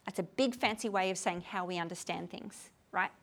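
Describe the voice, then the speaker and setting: A woman gives a talk on a poem to a gathered group in a room, tired, animated and often checking that her listeners follow. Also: lowish voice, a little fast. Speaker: lecturer on poetry.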